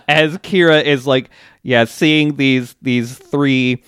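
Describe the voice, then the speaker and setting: In a clean studio recording with no room sound, a podcast co-host with a medium-pitched, steady, fairly bright, clean voice speaks slowly. He recaps an anime in a laid-back, casual way, laughing often and leaning on loose fillers.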